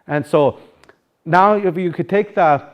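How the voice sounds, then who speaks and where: A man's voice: high-pitched, measured pace, very noisy. A man with a Sioux Valley Dakota accent teaching a live language class, talking informally and rambling, singing phrases to show how they should sound.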